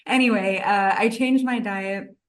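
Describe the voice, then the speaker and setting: A woman's voice: medium pitch, steady tone, a little slow. A woman in her thirties, a nutritionist guest on a podcast, telling her own story in a chatty way and acting out her past thoughts.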